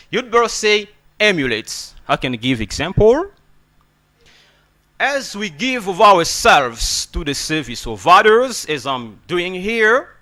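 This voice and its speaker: A man teaches English on the radio in an emphatic, preaching way. His voice is bright and forceful and sits a little high for a man. He ends almost every sentence with "okay?" and pushes his points by getting louder. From Democratic Republic of Congo.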